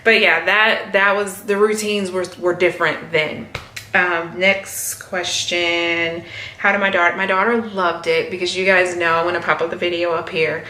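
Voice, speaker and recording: A woman's voice: on the low side, level tone, moderate pace, pushed and bright, a little hiss or hum. A woman in her thirties chatting casually to camera about her hair, with many fillers and voiced quotes. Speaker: hair vlogger. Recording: echoey room.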